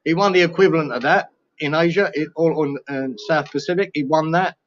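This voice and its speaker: A man's voice: fairly high pitch, brisk, a little hiss or hum. A man on a casual fan chat show, explaining at length with eager restarts. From Australia. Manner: enthusiastic, rambling with restarts. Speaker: co-host. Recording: dull lo-fi remote line.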